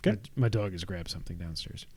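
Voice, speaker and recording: A young man co-hosting a casual gaming podcast, running through news items with quick asides. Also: low-pitched, a little mellow, breathy edge, no room sound.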